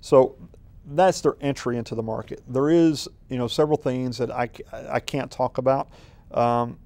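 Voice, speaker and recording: A man serving as city manager talks through an interview in a relaxed, folksy way. His voice is mellow and warm, with plenty of ums, uhs and restarts as he rambles through his stories. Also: mid-range voice, moderate pace. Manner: rambling, filler-heavy, folksy storytelling. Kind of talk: conversational interview.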